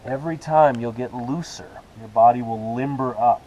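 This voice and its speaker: A man teaching a beginner yoga class, calling out poses and breaths in relaxed, encouraging cues with casual asides. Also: mid-range voice, moderate pace, a little hiss or hum, low-quality recording. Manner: relaxed, encouraging cueing with self-aware asides. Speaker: yoga instructor. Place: outdoors with rain and hummingbirds about.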